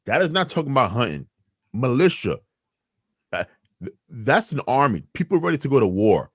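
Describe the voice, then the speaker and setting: A medium-pitched man co-hosts a weekly news talk show, arguing his opinions in animated, emphatic, rhetorical commentary with restarts. The sound is clean studio quality with no echo.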